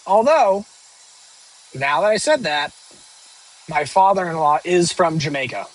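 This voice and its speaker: A man's voice: a little high, lively intonation, unhurried, poor audio. A young man streaming live, casually answering viewer questions in a rambling, joking way full of fillers and restarts. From northern United States.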